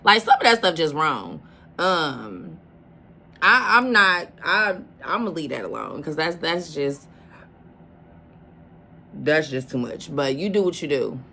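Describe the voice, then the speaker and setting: A woman with a lowish voice chats her way through a reaction video, casual and emphatic and quick to address her listeners directly. A faint hiss sits under the recording. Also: very animated, creaky, bright, forceful tone. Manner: chatty, emphatic, calls listeners "baby".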